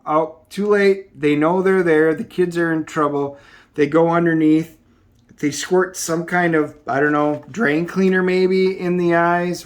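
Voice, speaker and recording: A man's voice: a little high, steady tone, a little slow. Casual man recapping a comic. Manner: rambling, filler-heavy summarizing. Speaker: comic book reviewer.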